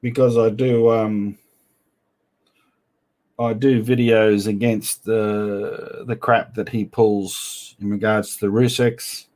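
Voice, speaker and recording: Blunt man, low voice. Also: level tone, takes it slowly, darkish tone. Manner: blunt, teasing banter with slang. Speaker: livestream host. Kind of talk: casual live chat, reading viewer comments aloud.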